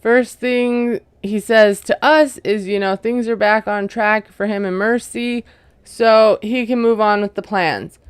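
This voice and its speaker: A woman talks through a reality show recap in a relaxed, chatty way, sprinkling in "like" and "you know". Her voice is smooth and clear at a mid pitch, recorded close and dry with no room sound. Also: measured pace, dry recording. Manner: chatty, retelling scenes with lots of "like" and "you know"; amused, laughing at what she retells. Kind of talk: casual recap commentary.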